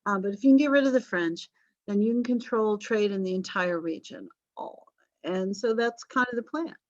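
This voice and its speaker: Woman teaching a class online, wry and chatty, mid-pitched, recorded dry over a muffled video call. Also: normal speed, no room sound. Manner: chatty, wry asides, self-correcting. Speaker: history teacher.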